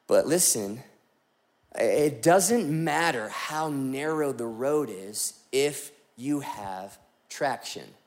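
A man's voice: mid-range voice, expressive, very slow. A young man preaching a sermon as a pastor, joking and telling stories with animation.

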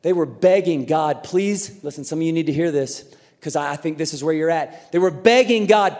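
Male pastor, high voice, lively sermon delivery swinging between quiet asides and loud quotes, long reverb of a big church room. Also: moderate pace. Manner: animated, jumps between soft asides and loud acted-out quotes.

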